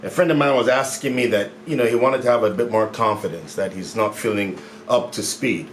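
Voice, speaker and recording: A man talking to camera as a mindset coach in a casual, upbeat way, repeating his phrases and stretching key words slowly. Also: fairly low pitch. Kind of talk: casual motivational talk to camera. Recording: echoey room with faint background noise.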